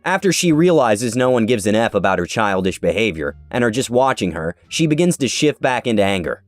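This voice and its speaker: A man narrating an online story in a scripted, sarcastic and animated way. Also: on the low side, brisk, hardly any pauses, no room sound. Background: faint background music.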